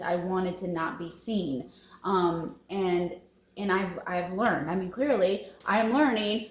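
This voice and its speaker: A woman's voice: mid-range voice, roomy sound, a little hiss or hum. A woman, talking in a casual, emotional, rambling confessional vlog and laughing often. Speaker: wellness vlogger.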